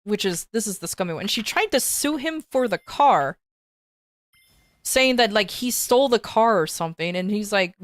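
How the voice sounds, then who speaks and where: Female streamer, casual storytelling, swears a lot, rambling restarts, medium pitch, dry close sound. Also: expressive, normal speed, no room sound. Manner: profane, rambling, many restarts and fillers.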